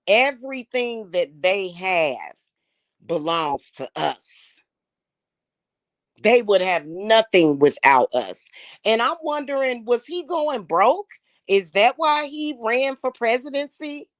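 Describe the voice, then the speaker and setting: A woman's voice: on the high side, big pitch swings, slow, no echo. A woman, talking casually to her viewers, emphatic and emotional, often repeating words as she builds up steam. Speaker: spiritual channel host.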